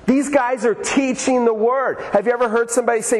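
A man's voice: very high voice, a little fast, hardly any pauses. Man preaching in a reverberant church hall. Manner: conversational, animated preaching with acted quotes. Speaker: pastor. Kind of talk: sermon. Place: church sanctuary.

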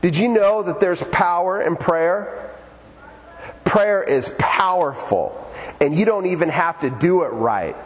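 A man's voice: high-pitched, lively intonation, slow, big-room sound. An older man preaching a sermon in a church, conversational and storytelling, joking with the congregation. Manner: conversational, storytelling, jokes with the audience. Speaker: pastor. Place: church in Oregon.

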